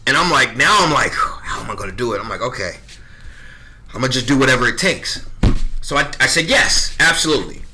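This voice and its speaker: A man's voice: mid-range voice, animated, brisk, pushed and bright. A man in his thirties telling a story in casual podcast chat, bluntly, swearing freely and acting out both sides of conversations. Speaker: podcast guest.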